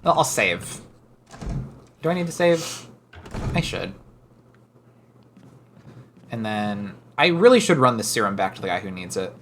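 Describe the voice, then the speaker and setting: A man's voice: lowish voice, sing-song, measured pace, long pauses, a bit bright, a little hiss or hum. A man playing a game on a casual stream, thinking aloud about his moves in an easygoing, self-deprecating way. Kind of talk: casual let's-play commentary.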